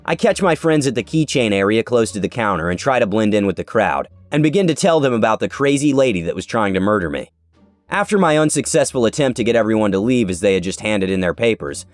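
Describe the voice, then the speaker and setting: A man reads an online story aloud with sarcastic, animated delivery, his pitch leaping up and down through the tale. His voice sits close and dry on the mic. Soft music plays beneath him. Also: no room sound. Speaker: narrator. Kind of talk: scripted narration of an online story. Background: faint background music.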